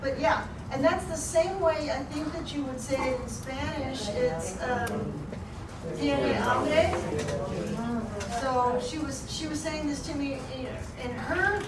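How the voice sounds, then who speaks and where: A woman's voice: high-pitched, a little slow. A woman in a class casually telling a short anecdote, with some fillers. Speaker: class member. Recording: echoey room, distant mic, loud background noise.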